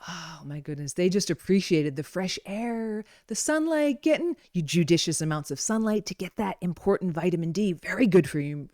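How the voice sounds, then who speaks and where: A woman's voice: deep voice, a little mellow, no echo, studio quality. A woman giving a casual wellness talk, chatty and playful, wandering into stories and asides, on a modest home microphone. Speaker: wellness presenter. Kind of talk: casual teaching talk with storytelling.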